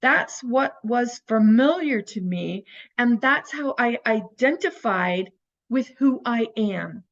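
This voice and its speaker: A woman's voice: a little high, animated, slow pace, highs cut off. A woman teaching a recorded course, talking earnestly and coaching her listeners with rhetorical questions. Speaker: teacher of an inner-child healing course.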